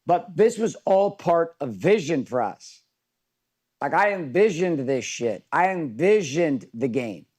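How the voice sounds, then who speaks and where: A man's voice: a little high, sing-song, unhurried, darkish tone, slightly rough. A middle-aged man coaching a live virtual workshop, talking casually, with profanity and stories.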